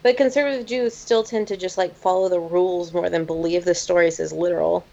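A woman's voice: lowish voice, fairly even intonation, a little fast, gravelly, a little mellow. Blunt woman in casual chat, lo-fi. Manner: blunt, swears, many fillers. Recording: dull lo-fi sound.

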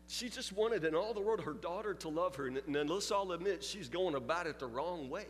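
A man with a high voice delivers a sermon, telling a story with confessional candor and building force. His words ring out with a long hall reverb, and soft music plays underneath. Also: a little fast, few pauses. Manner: storytelling, confessional, rising intensity. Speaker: preacher.

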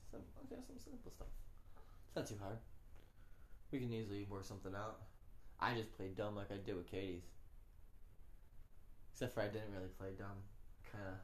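A young man chatting excitedly about his tabletop game, swearing a lot. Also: lowish voice, moderate pace, long pauses. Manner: excitable, swears a lot, slips into acted voices. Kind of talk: casual chat. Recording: echoey room, faint background noise.

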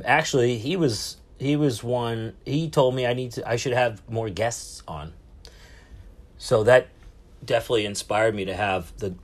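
A man hosting a casual solo podcast from a cruise ship, rambling, swearing and poking fun at himself. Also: lowish voice. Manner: rambling, profane, self-mocking. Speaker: podcast host. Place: cabin aboard a cruise ship.

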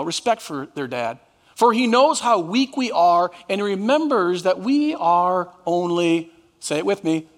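A man's voice: sits high, a bit bright, in a large hall. A man preaching a sermon as pastor, drawing the congregation into call and response. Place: church sanctuary.

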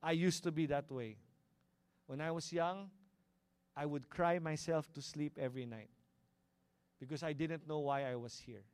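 A middle-aged man with a Filipino accent preaching a sermon, asking the congregation "Amen?" and moving between loud and hushed delivery. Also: on the high side, normal speed, long pauses, clear, resonant tone, no echo. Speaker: pastor. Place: cinema hall used as a church.

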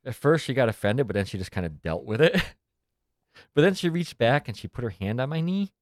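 A man's voice: medium pitch, animated, fairly quick, dry recording, clean studio sound. A middle-aged man co-hosting a casual podcast, telling a story with lots of swearing and laughter. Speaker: podcast co-host. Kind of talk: casual chat.

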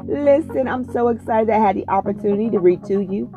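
A woman's voice: on the high side, fairly quick, dark tone. A woman reading a children's picture book aloud in a playful, sing-song, questioning way. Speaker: children's story reader.

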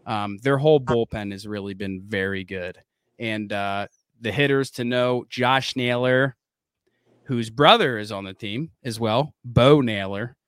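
Bright, crisp-voiced man in sports chat. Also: mid-range voice, a little slow, no room sound, clean studio sound. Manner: excitable, rambling, with restarts. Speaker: podcast co-host. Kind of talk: casual sports podcast chat.

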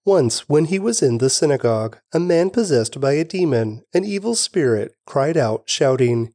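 A man giving a steady, expressive scripted reading of scripture. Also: a little high, normal speed, few pauses, no echo, clean studio sound. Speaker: scripture reader.

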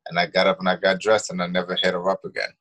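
A man's voice: sits low, monotone, racing, fairly bright tone. A man with a New York accent telling blunt, profane stories as a podcast co-host in casual chat.

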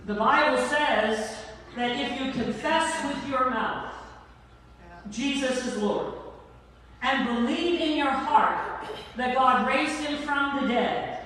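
A woman pastor preaching a sermon, slow and emphatic, drawing out the ends of her lines. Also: sits high, fairly bright tone. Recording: echoey church hall from far off.

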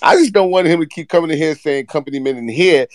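A man's voice: fairly high pitch, fast, dry recording. A man hosting a casual live audio chat, exasperated and profane as he keeps the others in line. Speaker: host.

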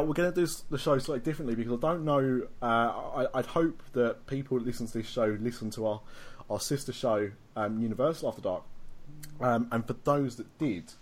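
A man's voice: medium pitch, fairly bright tone. A man hosting a podcast in casual chat, rambling through stories and laughing often. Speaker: podcast host.

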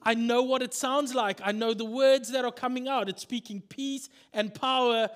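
A preacher voicing an overjoyed young servant woman who shouts with excitement. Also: very high-pitched, moderate pace, smooth. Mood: certain. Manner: excited, shouting over herself.

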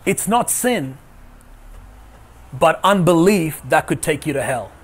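A man's voice: on the high side, lively intonation, slow, breathy edge. A man preaching an online sermon as pastor, emphatic and repeating his key phrases. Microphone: video call.

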